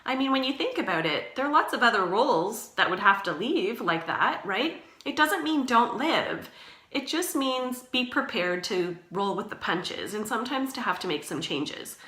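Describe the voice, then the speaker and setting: A woman's voice: a little high, big pitch swings, moderate pace, bright, forceful tone, reverberant. A woman who works as a doula, giving casual, reassuring advice and often checking in with her listener. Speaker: doula and doula trainer.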